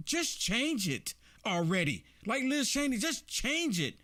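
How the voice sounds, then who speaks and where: Animated high-voiced man commenting. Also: measured pace. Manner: animated, laughs often, repeats himself. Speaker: political commentary host. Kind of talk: casual political commentary.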